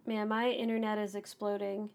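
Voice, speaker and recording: A woman's voice: mid-range voice, flat delivery. A woman co-hosting a podcast, chatting casually and ranting enthusiastically. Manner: enthusiastic, ranting, fast-moving. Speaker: podcast co-host.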